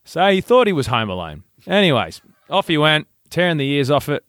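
A man, co-hosting a casual podcast and telling an animated story, acting out voices. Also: a little high, a little fast, no room sound, clean studio sound. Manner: animated, acts out voices in stories. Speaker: podcast co-host.

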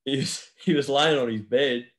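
A man's voice: mid-range voice, normal speed. Young man, podcast co-host, casual chat, laughing, swearing, storytelling.

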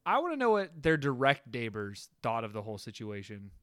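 A man's voice: medium pitch, wildly swooping pitch, a little fast, a bit bright, smooth, dry recording, clean studio sound. A man casually reviewing a horror movie with friends, rambling and laughing as he acts out quotes. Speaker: podcast co-host.

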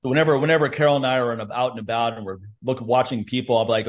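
A man's voice: mid-range voice, fairly even intonation, racing, few pauses. A man co-hosting a podcast, talking in an easygoing, chatty way. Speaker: podcast co-host. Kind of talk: casual chat.

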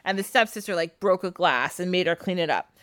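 A woman hosting a podcast, casually retelling a folk tale with a loose, animated delivery full of "like". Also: lowish voice, a little fast, no room sound, studio quality. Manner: animated retelling with frequent laughs and "like". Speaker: podcast host. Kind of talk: casual storytelling chat.

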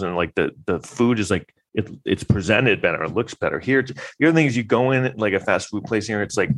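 A man talking in a rambling, wry casual monologue, full of fillers and restarts. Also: on the low side.

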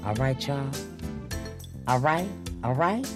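A woman's voice: extremely low pitch, animated, takes it slowly, loud music behind the voice. A woman hosting a spiritual motivational podcast, talking straight to her listeners and repeating affirmations with emphasis. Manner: addresses listeners directly and warmly as a group. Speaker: podcast host.

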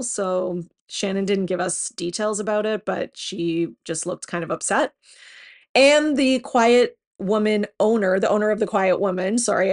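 A woman hosting a podcast, chatting casually about reality TV gossip with lots of fillers. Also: mid-range voice. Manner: chatty and animated, many fillers, laughs at own jokes. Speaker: podcast host.

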